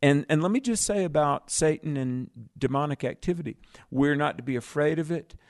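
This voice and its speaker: A man's voice: a little high, fairly quick, no room sound, clean studio sound. A man with a Southern US accent co-hosting a call-in Bible radio show, folksy and chuckling, often repeating his words. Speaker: radio co-host.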